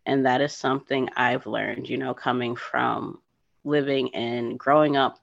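Animated woman telling a story on a dull line. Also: very deep voice, unhurried, creaky, no room sound. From New Jersey. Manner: animated, emotional storyteller with lots of "like" and "you know". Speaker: podcast guest, thru-hiker. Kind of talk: storytelling in a casual interview.

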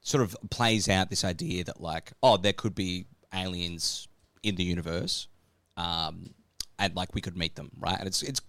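A man with a lowish voice talks through an idea in relaxed conversation, leaning on "like" and "right?" as he goes. The recording is dry and close, with no room sound. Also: normal speed, no echo. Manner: explanatory, filler-heavy, says "like" and "right?" often. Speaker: podcast co-host explaining catechism. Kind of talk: casual discussion.

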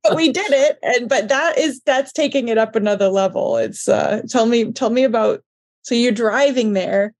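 A woman hosting a podcast interview, encouraging her guest, laughing often and reacting warmly. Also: fairly high pitch, normal speed. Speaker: podcast host. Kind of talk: casual interview.

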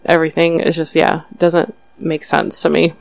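A man's voice: fairly high pitch, monotone, normal speed, creaky. A man co-hosting a podcast in casual chat, laughing often and giving short, agreeing replies. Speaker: podcast co-host.

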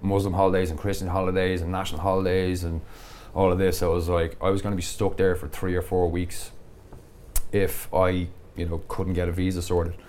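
Guy, really low voice, animated storyteller, laughs a lot, faint room noise. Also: fairly quick. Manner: animated, laughs often while telling stories. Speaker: podcast guest. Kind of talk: casual storytelling.

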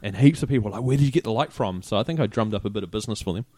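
A man co-hosting a podcast in casual chat, recounting his travels in an easygoing, relaxed way. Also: fairly low pitch, very fast, dry recording. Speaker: podcast co-host.

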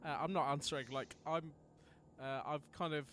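A man chatting as a player in a tabletop game, asking quick questions. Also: fairly high pitch, steady tone, fairly bright tone, a little hiss or hum. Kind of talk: casual chat.

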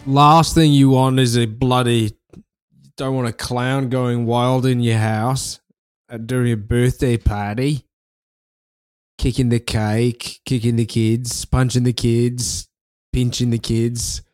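A man co-hosting a comedy chat, telling crude stories with deadpan ribbing. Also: medium pitch, slow pace, smooth, no room sound, studio quality. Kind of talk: casual comedic banter.

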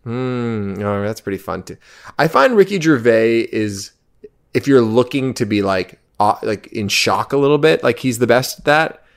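A man's voice: medium pitch, expressive, normal speed, clear, resonant tone. A man co-hosting a casual podcast chat, hesitant and full of fillers and restarts.

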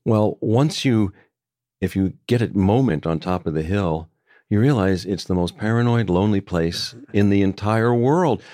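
A man with a deep voice speaks reflectively in a conversation, taking his time and circling back on his phrases. His tone is warm and mellow. He sounds close to the mic in a dry, dead space. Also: dry recording. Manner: thoughtful, unhurried, with frequent restarts. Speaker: author guest.

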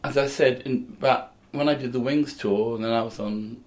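A man's voice: mid-range voice, steady tone, normal speed, very noisy. Older man telling rambling stories. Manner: rambling, anecdotal storytelling. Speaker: guest comedian and musician. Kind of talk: casual interview chat.

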